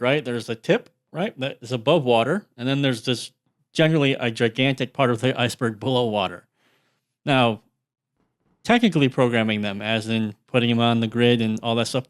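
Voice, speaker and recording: Dry, explanatory man on a video call. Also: medium pitch. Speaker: guest, drum programming course creator. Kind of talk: casual video-call chat.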